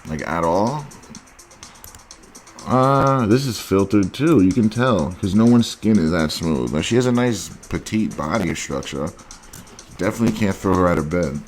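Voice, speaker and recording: Male dating host, very deep voice, blunt and crude, mocking tone, faint music underneath. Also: lively intonation, a little slow. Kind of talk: reaction commentary on dating profiles.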